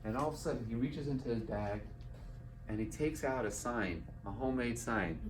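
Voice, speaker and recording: A man's voice: mid-range voice, moderate pace. A man in his forties, a guest speaker, telling a personal story to an audience and acting out the voices of the people in it. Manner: animated storyteller acting out quotes. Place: event hall with live audience. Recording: roomy hall, mic heard from a distance.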